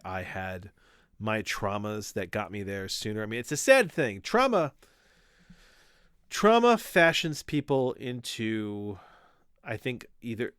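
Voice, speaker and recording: A man's voice: fairly low pitch, no echo, studio quality. A man in his forties co-hosting a podcast in casual chat, rambling with many restarts. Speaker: podcast co-host.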